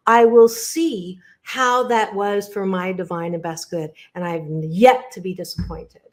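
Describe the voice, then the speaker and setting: A woman in an interview, speaking in an emphatic, motivational way. She repeats phrases for effect and addresses the listener directly, at a middling pitch. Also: fairly even intonation, unhurried. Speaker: guest, organizational psychologist. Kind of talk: podcast interview, motivational talk.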